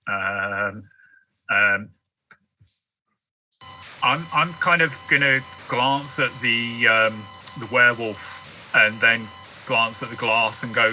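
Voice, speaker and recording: A man's voice: medium pitch, slow pace, long pauses, sharp tone, faint music behind, rough recording. A man playing a tabletop horror game, chatting casually with stops and restarts.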